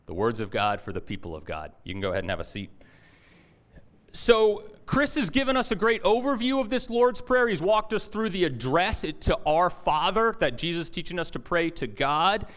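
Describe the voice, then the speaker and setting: Pastor, male: casual, chatty sermon delivery, soft and slow when he prays. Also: a little high, very animated. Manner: conversational, with fillers and restarts; hushed and slow in prayer.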